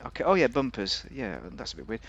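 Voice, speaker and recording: A man's voice: medium pitch, very animated, fast talker, fairly bright tone, slightly rough, dull audio. A man giving a casual, rambling, jokey commentary while reviewing a car in a video game.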